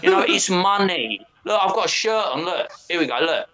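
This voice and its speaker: Profane, animated London man. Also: high voice, normal speed. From England. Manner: blunt, profane, animated storytelling. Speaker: co-host. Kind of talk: casual chat.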